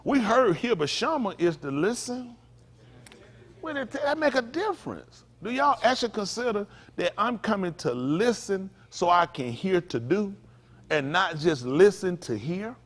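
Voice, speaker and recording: The pastor's voice sits high and is expressive, moving at normal speed through a conversational sermon in a synagogue sanctuary. He addresses the room with frequent asides, captured with long hall reverb.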